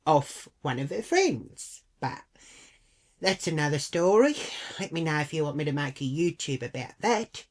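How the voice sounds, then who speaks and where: A woman tells a storytime in a blunt, rambling way and swears freely. Her voice sits low and deep for a woman. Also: animated, unhurried. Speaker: vlogger. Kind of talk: storytime vlog.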